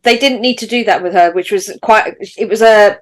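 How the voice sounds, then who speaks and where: A woman's voice: mid-range voice, moderate pace. A woman co-hosting a film podcast, telling a story steadily with small restarts. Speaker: podcast co-host. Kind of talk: casual film review chat.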